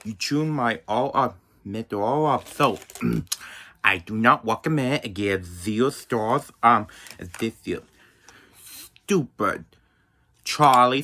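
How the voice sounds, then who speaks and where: A man's voice: medium pitch, sharp tone. A man rambling through a mock review of his puppy, grumbling and swearing and repeating himself.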